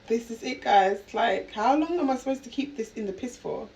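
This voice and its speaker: A woman's voice: fairly high pitch, expressive, normal speed, darkish tone. A woman vlogging casually, talking straight to her viewers and swearing freely. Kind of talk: casual vlog.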